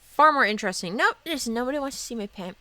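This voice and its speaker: A woman's voice: a little high, lively intonation, quick pace, pushed and bright, dry recording. A young woman streaming from her home art studio, chatting and giggling as she talks to her dogs. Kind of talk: casual live-stream chat.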